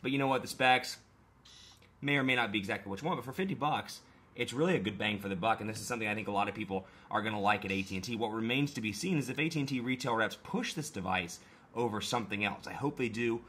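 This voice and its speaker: A man, hoarse and coming down with a cold, walking through a phone unboxing in a brisk, casual way. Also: fairly low pitch, fairly bright tone, slight background noise. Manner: brisk, conversational, pointing out features. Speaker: tech reviewer. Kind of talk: casual product unboxing walkthrough.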